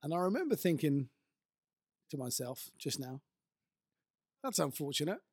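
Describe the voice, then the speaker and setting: A man's voice: on the high side, big pitch swings, moderate pace, darkish tone, breathy edge, dry recording. A man from Europe co-hosting a casual chat, telling dry, wry anecdotes. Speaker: podcast co-host.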